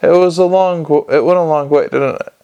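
An earnest, polite young watchman with a cheerful manner, as a man reads him. The voice is a little high with a gravelly edge. It is an audiobook figure. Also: brisk, dark tone, highs cut off, lightly acted.

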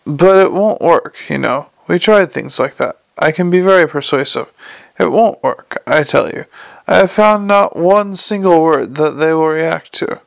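A man's voice: fairly high pitch, a little slow, gravelly, no echo. A man voicing a fussy, lecherous ghost of an ancient professor in an audiobook reading, with a prim, stiff and pedantic delivery. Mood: scornful.

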